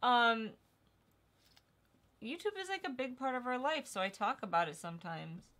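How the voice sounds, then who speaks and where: A woman's voice: fairly high pitch, very animated, moderate pace, fairly bright tone. A young woman co-hosting a live stream, chatting casually and teasing her co-host. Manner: chatty, teasing, laughs easily. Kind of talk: casual chat.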